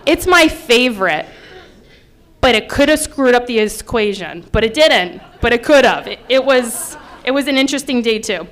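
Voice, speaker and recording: A woman in her thirties from upstate New York, telling a personal story with lively acted-out quotes. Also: on the high side, moderate pace. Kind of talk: personal story told to an audience.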